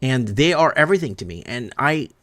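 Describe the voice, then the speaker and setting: With big pitch swings and a fairly quick delivery, a man hosting a talk show reads news headlines and comments emphatically in a rambling way, regularly stumbling over words. He is an adult father of three, and his mid-range voice is a bit bright.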